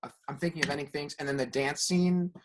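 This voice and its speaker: A male podcast co-host explaining his view of films in casual chat. He is hesitant and self-conscious, with many ums. His voice sits a little above the usual male pitch. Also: fairly even intonation, fast, a little hiss or hum. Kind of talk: casual film discussion.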